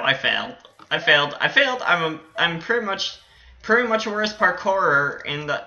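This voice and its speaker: A man chats his way through a video game in a bright, bouncy voice that swings all over in pitch. He rambles with fillers and trailing sentences, breaking into giggles and squeals of excitement. The sound is slightly dull and lo-fi, like a cheap home microphone. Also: normal speed, pauses often. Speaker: gaming channel host. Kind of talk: casual gameplay commentary.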